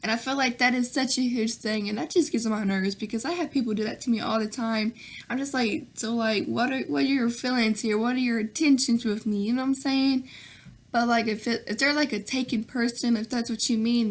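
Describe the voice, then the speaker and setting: Young woman, Southern accent, casual vlog chatter, fairly high voice, lots of fillers and laughs. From Nashville, Tennessee. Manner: chatty, full of fillers and "girl", "sis", "y'all"; laughs often between answers. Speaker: vlogger.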